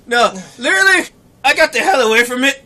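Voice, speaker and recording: A young man co-hosting a casual podcast, often laughing and acting out quoted lines in loud voices. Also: extremely high pitch, expressive, a little fast. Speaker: podcast co-host.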